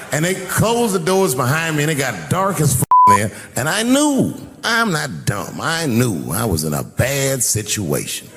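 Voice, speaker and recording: A middle-aged man telling a profane, animated story as a stand-up comedian. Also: fairly high pitch, moderate pace, hardly any pauses, very noisy. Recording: live venue with long reverb.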